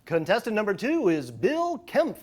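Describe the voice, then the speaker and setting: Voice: mid-range voice, huge pitch swings, moderate pace, a little mellow. An announcer introducing contestants and reading a sponsor spot in a formal announcer delivery. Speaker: show announcer. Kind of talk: game show announcing and ad read.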